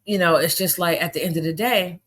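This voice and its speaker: A middle-aged woman commentary vlogger gives a blunt, indignant, casual take, preachy and plain-spoken, her voice jumping high when she gets exasperated. She speaks a little fast with a fairly bright tone.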